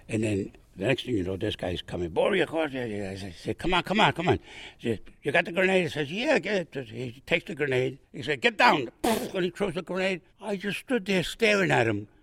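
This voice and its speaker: An older man from Brooklyn, a veteran guest, telling a war story in a rambling, animated way and acting out the voices in it. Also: on the high side, no room sound. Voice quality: gravelly, husky. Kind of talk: oral history storytelling.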